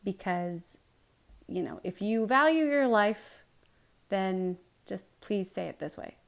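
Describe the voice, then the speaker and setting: Hushed, anxious messenger read by a woman, coaxing. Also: medium pitch, expressive, slow, vocal fry. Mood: pleading. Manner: hushed, pleading. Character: anxious male royal messenger.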